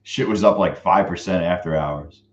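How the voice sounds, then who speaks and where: A man's voice: deep voice, moderate pace, echoey room, muffled recording. A young man giving loose, crude running commentary on his trades during a live stream, muttering to himself between bursts of banter. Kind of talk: casual running commentary while trading.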